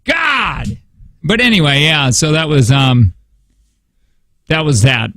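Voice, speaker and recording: Radio co-host, young man, animated storyteller, high and lively voice. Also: slow pace, no room sound. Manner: animated storytelling, acting out his kids and neighbors in raised voices. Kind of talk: casual morning radio banter. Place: radio studio. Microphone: studio microphone.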